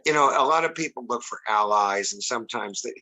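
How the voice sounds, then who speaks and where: A man's voice: medium pitch, brisk, pushed and bright, low-quality recording. A man in his sixties, a podcast guest, talking in a rambling way full of restarts and asides. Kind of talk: casual chat.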